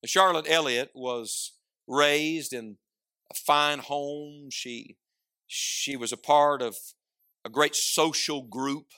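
A man preaching a sermon, swinging from loud declarations to hushed asides and prompting the congregation to answer. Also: fairly high pitch, fairly even intonation, slow, clean tone. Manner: asks the congregation questions and prompts replies.

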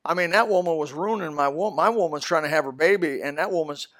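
An older man, pitched a little high, preaching a sermon. He tells stories and jumps from loud shouts to near-whispered asides. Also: fast talker. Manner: storytelling with loud bursts and sudden soft asides.

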